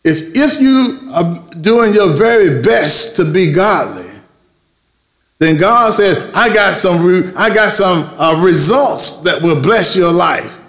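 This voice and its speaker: A man's voice: high voice, animated, slow pace, fairly bright tone, roomy sound. A man preaching a sermon as pastor, calling for responses and stretching key words for emphasis. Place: church sanctuary.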